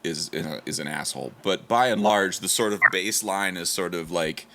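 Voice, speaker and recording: A man's voice: low-pitched, fairly quick, creaky, a bit bright. A man from Ohio in casual conversation, rambling with lots of "like" and restarts. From Ohio, USA. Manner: rambling, many fillers and restarts.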